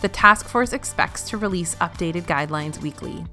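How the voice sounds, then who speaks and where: A woman's voice: lowish voice, expressive, moderate pace, pushed and bright, soft background music. A woman hosting a weekly news roundup, reading in a news-anchor style with playful asides. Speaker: news host.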